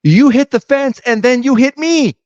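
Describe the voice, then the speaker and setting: A man acting out a defiant male race car driver who insists, slowly and emphatically, that he never touched anyone. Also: on the high side, animated, no room sound, lo-fi sound. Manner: insistent, slow and emphatic, voice raised.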